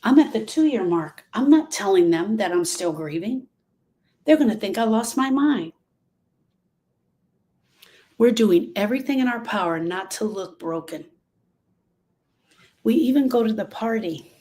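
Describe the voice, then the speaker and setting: A woman's voice: mid-range voice, lively intonation, unhurried, pauses often, warm tone. Earnest woman giving a grief talk. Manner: earnest, emphatic, acts out quoted voices. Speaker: grief speaker. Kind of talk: motivational talk to a live group. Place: room with a live audience.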